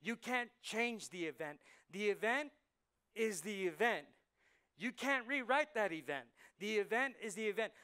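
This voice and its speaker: A man preaching a conversational sermon as pastor, swinging from soft asides to loud punchlines. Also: high voice, lively intonation, unhurried, smooth. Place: church sanctuary.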